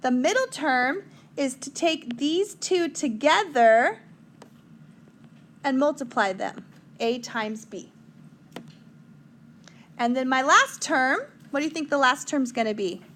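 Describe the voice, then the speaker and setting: A woman's voice: sits high, fairly bright tone, a little hiss or hum. A woman teaching a math lesson at a whiteboard in a chatty, joking way, talking to her students.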